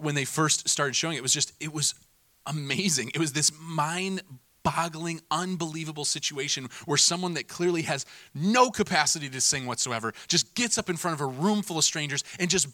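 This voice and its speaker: Male pastor, casual sermon delivery, bright tone, dry close sound. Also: a little high, no room sound. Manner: animated, mimics people in voices, laughs at himself.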